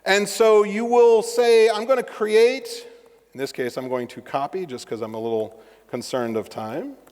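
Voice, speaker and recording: A man's voice: high-pitched, unhurried. A middle-aged man giving a joking live-coding tech talk as a conference speaker in a large hall. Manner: animated and joking, with asides to the audience. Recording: long reverb of a large hall.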